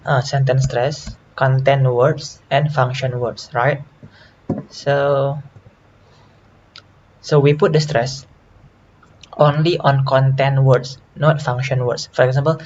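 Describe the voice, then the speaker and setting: A man's voice: mid-range voice, steady tone, takes it slowly, darkish tone, lo-fi sound, a little hiss or hum. A man lecturing on phonetics, listing example words and often checking in with the class. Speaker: phonetics teacher.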